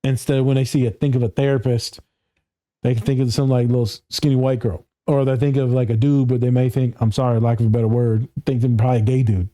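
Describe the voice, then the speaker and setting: A man in his thirties, a therapist, chats casually on a podcast in a mid-range, mellow voice with a level tone and a fast pace. He's blunt and profane, laughs often, and puts on voices when quoting people.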